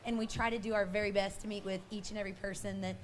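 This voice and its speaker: A woman who is out of breath, chatting excitedly as a guest in a live stage interview. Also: mid-range voice, rapid-fire, slight background noise. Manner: bubbly and excited. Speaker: guest, barrel racer.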